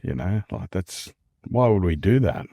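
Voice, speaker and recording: A man's voice: sits low, lively intonation, unhurried, gravelly, warm tone, dry recording, studio quality. An Australian man talking earnestly and candidly as a podcast guest, repeating phrases and calling the listener "man" and "mate". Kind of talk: candid casual conversation.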